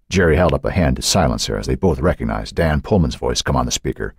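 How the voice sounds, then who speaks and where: A male narrator reads a suspense novel in a very deep, husky voice. His pitch moves widely and expressively. The sound is dry and close, with no room around it. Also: expressive, quick pace, hardly any pauses, dry recording. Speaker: audiobook narrator. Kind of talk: scripted audiobook narration.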